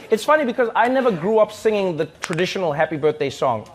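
A man's voice: sits high, quick pace, hardly any pauses, heavy background noise. A young man from Africa, telling comedic stories in a monologue, acting out voices and laughing often. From South Africa. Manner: animated, acts out voices and sings bits, laughs often.

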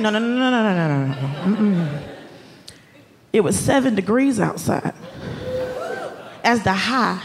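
A woman from Atlanta doing a stand-up comedy set, ranting in an animated, exasperated way with sudden outbursts. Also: mid-range voice, measured pace, long pauses, a crowd in the background. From Atlanta, US South. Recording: live club with loud audience laughter.

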